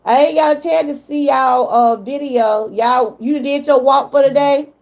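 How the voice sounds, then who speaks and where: A middle-aged livestream host from Georgia, she speaks with a Southern US accent in a high, slightly mellow voice at normal speed. The conversation with viewers is relaxed until she speaks about her mother and gets emotional.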